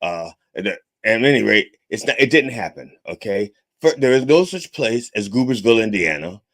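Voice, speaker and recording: A man hosts a podcast as a mock reverend, cursing freely through a comedic monologue. His pitch rises and falls with animation, and he keeps checking in with the listener by asking okay. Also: lively intonation, normal speed, a bit bright. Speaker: podcast host styled as a reverend.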